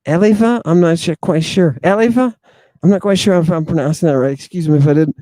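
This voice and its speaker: A man talks in a loose, rambling livestream monologue, reacting to viewer comments with sudden exclamations, rhetorical questions and a mocking edge. His voice sits a little high for a man yet stays mellow and soft-toned. The sound is close and dry, with no room echo. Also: fast. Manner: sardonic and mocking. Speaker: channel host.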